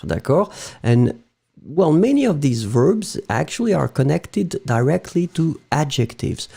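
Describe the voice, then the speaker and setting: A man's voice: medium pitch, creaky, warm tone, breathy edge. A man with a French accent teaching a live online language lesson, explaining patiently and greeting viewers by name.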